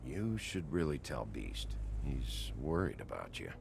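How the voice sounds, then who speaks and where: Tough gruff game sheriff, very deep, gravelly, blunt questions, over game ambience. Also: male voice, big pitch swings, unhurried, darkish tone, a little hiss or hum, full character voice. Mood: probing. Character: gruff male sheriff detective, tough and weary. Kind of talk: video game acting.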